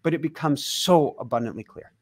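A man as a guest teacher explaining things in casual conversation, animated and laughing often. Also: a little high, brisk.

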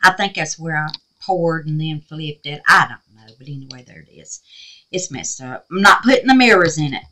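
A woman's voice: sits low, lively intonation, moderate pace, bright, forceful tone, rough recording. An older woman with a Southern US accent hosting a casual crafting vlog, chatty and gushing, calling her viewers honey and babies. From Mississippi, USA. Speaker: resin craft channel host.

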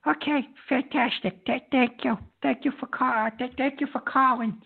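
A man playing a hot-tempered male call-in show host who stammers and loses his temper quickly. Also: extremely high pitch, fairly even intonation, vocal fry, breathy edge, full character voice. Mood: flustered. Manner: flustered, stammering, quick to rage. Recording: lo-fi phone-like sound.

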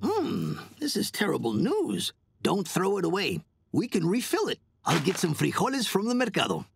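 Cartoon grandma, thrifty and insistent, gravelly with big swings in tone. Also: female voice, medium pitch, huge pitch swings, moderate pace, soft background music, exaggerated voice.

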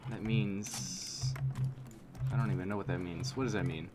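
A man's voice: sits low, steady tone, moderate pace, loud music behind the voice. A young man giving live gameplay commentary, playful and goofy, chatting to himself and teasing his opponents. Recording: noisy game audio behind. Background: game gunfire and explosions.

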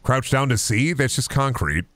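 A man streaming a game live, swearing a lot and talking straight to his chat in an excitable, rambling way. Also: mid-range voice, moderate pace, no echo. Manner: profane, excitable, talks to chat. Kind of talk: casual live-stream commentary.

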